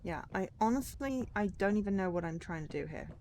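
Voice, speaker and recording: A woman's voice: mid-range voice, expressive, brisk, a little mellow, slight background noise. A young woman chatting casually as she streams a game, musing aloud and answering her chat. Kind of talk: casual gameplay commentary.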